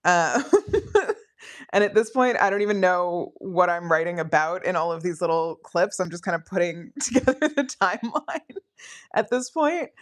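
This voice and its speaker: A woman's voice: fairly low pitch, animated, normal speed. A woman chatting casually on a live study stream, rambling with frequent ums and laughing often. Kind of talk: casual livestream chat.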